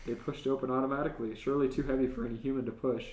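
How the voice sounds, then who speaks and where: A man reading fanfiction aloud on a comedy podcast at an everyday pitch. The sound is roomy, with a clear echo. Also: steady tone, racing, a little mellow. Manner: reads aloud, often laughing. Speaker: podcast co-host.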